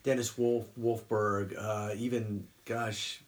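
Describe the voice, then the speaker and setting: A middle-aged man telling stories from his working life in an easygoing interview. He talks in a loose, rambling way and keeps breaking into short impressions of people. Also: on the low side. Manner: animated storyteller who slips into quick character voices. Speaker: guest voice actor. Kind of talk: casual interview storytelling.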